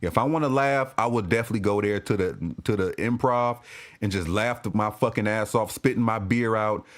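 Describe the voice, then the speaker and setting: A man's voice: lowish voice, moderate pace, a bit bright. A man giving a casual, profane sports-fan rant to camera, laughing and repeating himself as he goes.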